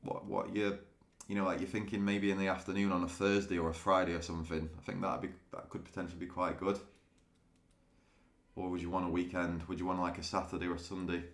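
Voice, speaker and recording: A man's voice: low-pitched, flat delivery, fast, vocal fry, reverberant. A man chatting casually with viewers on a live stream, laughing often and restarting his sentences. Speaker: day trading streamer.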